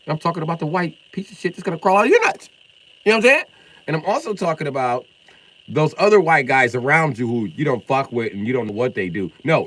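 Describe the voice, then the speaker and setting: A middle-aged man from Illinois ranting on a live stream, confrontational and profane, swinging from loud outbursts to mock calm. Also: mid-range voice, poor audio. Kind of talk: heated live-stream rant.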